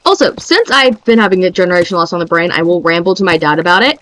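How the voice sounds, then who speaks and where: A young woman streamer chatting casually in an excitable, rambling way. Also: on the low side, fast talker, slight background noise, poor audio.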